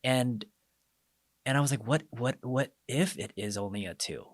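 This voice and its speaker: A man's voice: mid-range voice, moderate pace, no echo. A man hosting a casual podcast conversation, telling coaching stories and acting out quoted exchanges. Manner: animated storyteller, acts out quoted exchanges.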